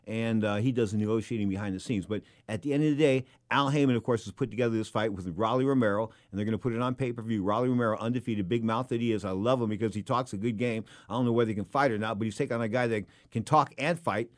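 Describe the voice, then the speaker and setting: Male boxing host, rapid rambling monologue, casual and animated. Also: lowish voice. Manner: rambling, animated, with many restarts and asides. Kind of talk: casual talk show monologue.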